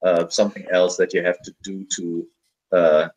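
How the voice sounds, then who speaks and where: A man's voice: sits low, level tone, moderate pace, a little mellow, low-quality recording. A man running a tabletop game as game master, speaking hesitantly with many fillers and restarts.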